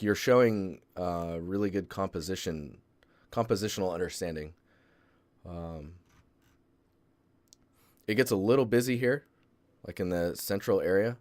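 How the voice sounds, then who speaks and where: An art-portfolio reviewer with a deep, very low voice chats loosely on a live stream, wandering through his points with frequent fillers and restarts. There's no echo; the sound is close and dry with almost no room.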